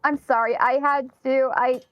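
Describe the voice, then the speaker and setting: High-voiced chatty young woman. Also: moderate pace, dull audio. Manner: chatty, animated storytelling. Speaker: freelance voice actress, stream host. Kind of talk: casual voice chat.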